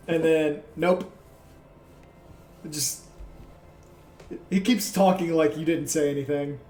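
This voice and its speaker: Male game master, slow narration, higher voice; echoey room, faint music. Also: steady tone, mellow, a little hiss or hum. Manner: unhurried, with frequent "like" and trailing pauses.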